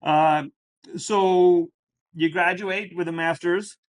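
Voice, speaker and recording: A man's voice: sits high, fairly even intonation, slow pace. A man hosting an interview podcast, asking long, rambling questions full of fillers. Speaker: podcast host. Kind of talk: conversational interview.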